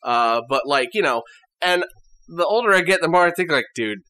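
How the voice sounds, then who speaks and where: A man's voice: on the high side, expressive, moderate pace, pushed and bright. A man co-hosting a podcast in casual, profane, jokey chat. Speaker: podcast co-host.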